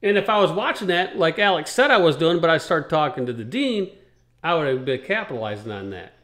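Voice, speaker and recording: Folksy trucking talk-show man, higher voice. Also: sing-song, a little fast, fairly bright tone, echoey room. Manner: rambling, folksy, explains charts step by step. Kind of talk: casual radio talk show chat.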